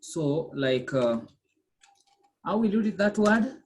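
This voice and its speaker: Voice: medium pitch, big pitch swings, takes it slowly, a little mellow, slight background noise. A language teacher giving a pronunciation lesson, quizzing the class, repeating words patiently and checking in with "okay?" and "eh?".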